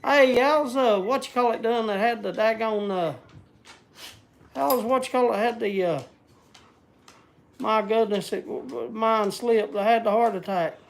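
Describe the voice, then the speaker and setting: A man's voice: high-pitched, unhurried, creaky, long pauses. Brief: man, folksy livestream rambler, loses his words. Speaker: vlogger. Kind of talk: casual livestream chat.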